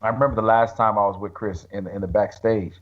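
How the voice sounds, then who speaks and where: A middle-aged man, a retired bodybuilder, telling stories in an animated, slangy way and acting out quotes over a video call. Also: on the low side, fast, noisy background. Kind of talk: casual storytelling chat. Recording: dull lo-fi call audio.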